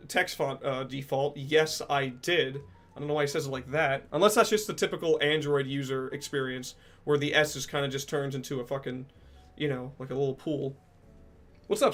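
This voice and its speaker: A young man streaming casually, reading out and answering chat messages, joking and swearing with sudden loud outbursts. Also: a little high.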